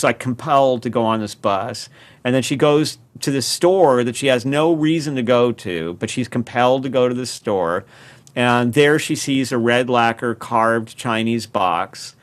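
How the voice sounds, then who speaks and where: A man, a podcast guest telling a long story and acting out the quoted voices. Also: medium pitch. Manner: animated, acts out quoted voices. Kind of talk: storytelling in conversation.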